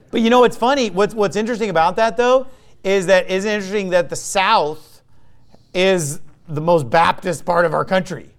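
Male pastor, high voice, combative and mocking sermon delivery. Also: normal speed. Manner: lively, swings between loud and quiet.

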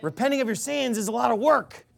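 A man's voice: extremely high pitch, fast talker, gravelly, fairly bright tone. A man preaching a sermon, emphatic, quizzing the crowd with rhetorical questions.

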